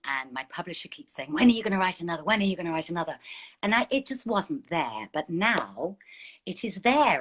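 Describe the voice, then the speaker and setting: A middle-aged woman, an author guest, telling stories in an animated, chatty way on a video call. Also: sits low. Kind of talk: casual online interview.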